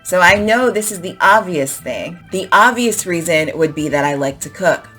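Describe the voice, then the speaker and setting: A woman's voice: on the low side, animated, moderate pace, fairly bright tone, soft background music. A woman teaching English, explaining and emphatically modelling phrases to show intonation. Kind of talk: explaining to camera in a lesson.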